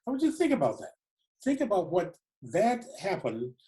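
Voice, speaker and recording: Older man telling his story deliberately. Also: high voice, wildly swooping pitch, mellow, low-quality recording. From Detroit, USA. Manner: deliberate, reflective, repeats words for emphasis. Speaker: retired police chief, guest lecturer. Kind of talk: personal storytelling lecture.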